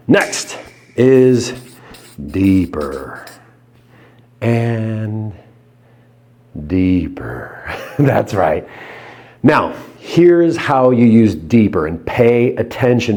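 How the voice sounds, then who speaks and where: Male hypnotist, warm dark tone, casual tutorial delivery, talks right to the viewer. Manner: chatty, addresses viewers directly; lowers to a soft, slow hypnotic murmur on key words.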